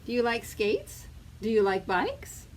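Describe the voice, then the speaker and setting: A woman reading aloud as a chatty, curious male mouse from a picture book, in a slow, sing-song questioning way. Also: a little high, wildly swooping pitch, a little hiss or hum, pitched above the performer's own voice. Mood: asking.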